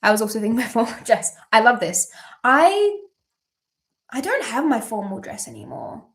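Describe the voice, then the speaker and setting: A woman's voice: fairly high pitch, very animated, moderate pace. A young Australian woman hosting a birthday livestream, chatting casually, rambling with lots of ums and casual swearing while she reads viewer questions.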